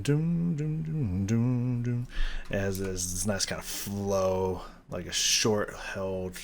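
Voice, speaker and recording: A man's voice: low voice, fairly bright tone, a little hiss or hum. A man hosting a music reaction video, breaking down a song casually, with hesitant restarts and rhythms hummed aloud.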